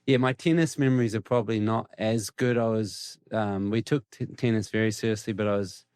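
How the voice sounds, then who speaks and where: A middle-aged man with a New Zealand accent talks through his past in a calm, reflective way. His voice sits low and smooth. The sound is close and dry. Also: a little fast, no echo. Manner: relaxed, reflective, candid. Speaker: guest, cricket coach. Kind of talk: casual interview answers.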